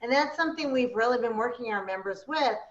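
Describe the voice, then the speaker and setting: Female club member on a video call, higher pitch, polite and methodical, roomy muffled line. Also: animated, fast talker. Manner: polite, describes gestures step by step. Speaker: club member asking a question. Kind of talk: online Q&A.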